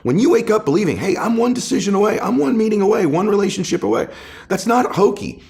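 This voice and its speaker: A man, a guest author, talking in a conversational storytelling way with emphatic, punchy repetition, turning quiet and emotional when he recalls family. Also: sits high, animated, fast talker, creaky.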